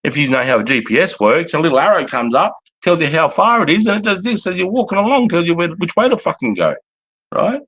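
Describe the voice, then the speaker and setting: A man's voice: a little high, big pitch swings, quick pace, a bit bright, husky. An Australian man, an army veteran, telling blunt, profane, rambling stories casually on a livestream.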